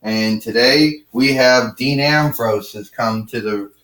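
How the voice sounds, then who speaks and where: A man narrates a home-made wrestling show like an announcer, casual and slow-paced. His voice sounds roomy and a bit far from the mic. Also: medium pitch, fairly bright tone.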